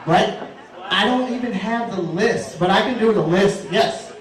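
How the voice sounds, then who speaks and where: A man hosting a comedy show, doing loud, teasing, profane crowd work before bringing up the headliner. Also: sits high, unhurried. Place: large comedy room with live audience. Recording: echoey room, far off, crowd noise.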